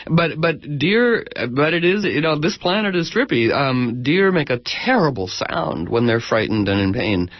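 A man chats casually as host, spinning rambling, animated stories. His voice sounds close and dry, with dull, muffled audio. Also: a little high, measured pace, few pauses, no room sound. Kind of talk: casual chat.

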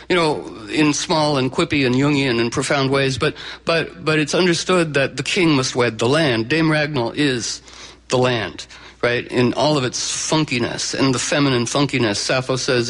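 A man's voice: fairly high pitch, a bit bright, rough recording. Chatty storytelling man. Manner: chatty, digressive, many fillers. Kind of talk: live oral storytelling to an audience.

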